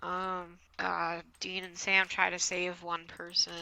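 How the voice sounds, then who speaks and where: A woman's voice: lowish voice, completely flat delivery, slow pace, gravelly, hardly any pauses, pushed and bright, a little hiss or hum, poor audio. A young woman co-hosting a podcast, casually recapping an episode in a rambling way, a little tipsy. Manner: rambling, trails off into mumbles. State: slightly tipsy. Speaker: podcast co-host.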